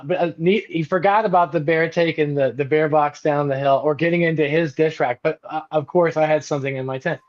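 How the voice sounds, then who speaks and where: A man's voice: fairly quick, hardly any pauses, highs cut off. A man telling a camping story in casual chat, acting out the people he quotes. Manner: animated, acts out quotes with big pitch jumps. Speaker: podcast guest.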